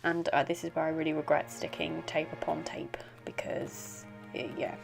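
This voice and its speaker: Girl rambling over her craft video, real gravelly fry, bit of music behind. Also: low voice, level tone, moderate pace, in a whisper. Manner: rambling, self-deprecating, giggly. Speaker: art journaling vlogger. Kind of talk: casual voice-over narration.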